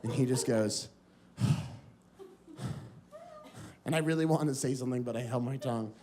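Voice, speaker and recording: A fast-talking American man with a medium-pitched voice performs stand-up on a comedy club stage, telling a story and acting out the voices of its characters. It's a live recording with a noisy background and loud crowd laughter.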